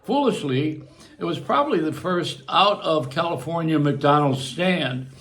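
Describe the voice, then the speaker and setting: Older male host with a slightly high voice, loose, self-mocking monologue. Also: expressive, measured pace, a bit bright. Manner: chatty, self-mocking, laughs at his own jokes. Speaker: radio and broadcast host. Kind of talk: casual rambling monologue.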